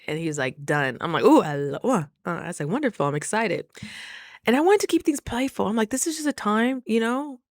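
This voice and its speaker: A woman's voice: medium pitch, animated, brisk, no room sound, clean studio sound. A young adult woman vlogging casually, animatedly acting out quoted dialogue and talking straight to her viewers. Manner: frequent rhetorical asides to viewers. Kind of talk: casual storytelling vlog.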